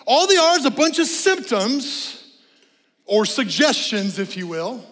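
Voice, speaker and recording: A middle-aged man, a pastor giving a sermon, who talks in an animated way, sometimes rising to shouts and sometimes slipping in joking asides. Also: very high voice, measured pace, in a large hall. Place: church sanctuary.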